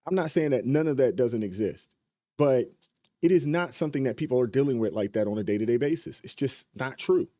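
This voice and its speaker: A man's voice: mid-range voice, lively intonation, a little fast, warm tone, dry recording. Man, reaction video host, casual commentary, emphatic, dry close sound. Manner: conversational, emphatic, uses fillers.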